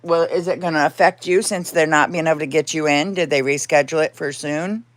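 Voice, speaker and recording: A woman's voice: low-pitched, steady tone, fairly quick, dry recording. Woman chatting on a livestream from home, rambly, laughs a lot, baby-talks her cat. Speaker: livestream host. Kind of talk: casual live chat.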